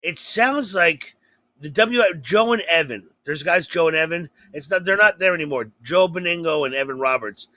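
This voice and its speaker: A comedian on a podcast who talks in a high, lively, sharply bright voice, drifting between tangents and cursing freely. The sound is dry and close to the mic, and the tone is loose, profane banter. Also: male voice, normal speed, no echo. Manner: rambling, profane, animated storytelling. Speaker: comedian co-host.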